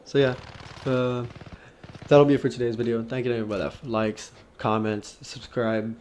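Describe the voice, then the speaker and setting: A man's voice: medium pitch, little pitch movement, moderate pace, a little mellow, a little hiss or hum. A young man telling a storytime story on his own vlog in a casual way, swearing freely and breaking into laughter. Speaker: vlogger.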